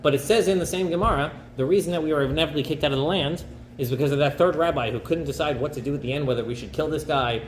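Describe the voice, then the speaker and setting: Chatty rabbi, slightly high voice. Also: male voice, rapid-fire. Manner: chatty, slangy, asks okay. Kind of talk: casual storytelling lesson. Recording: echoey room, faint background noise.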